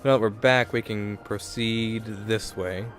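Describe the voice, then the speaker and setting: A man's voice: on the low side, fairly even intonation, measured pace, a bit bright, faint music behind. A young man giving casual let's play commentary into a desk microphone, rambling and correcting himself as he thinks aloud.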